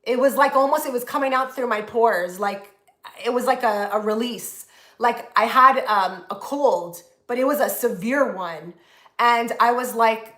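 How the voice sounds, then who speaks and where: A woman talks loosely and at length to her live-stream viewers, full of fillers and restarts. Her voice is bright and sits a little high. The room around her is echoey. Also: a little slow. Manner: chatty, rambling, lots of "like" and restarts. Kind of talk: casual live-stream chat. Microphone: phone.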